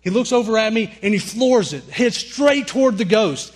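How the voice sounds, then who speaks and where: A young man from Alabama with a Southern accent, preaching a sermon through a lively personal story, acting out his own screams and dialogue. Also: sits high, normal speed, few pauses.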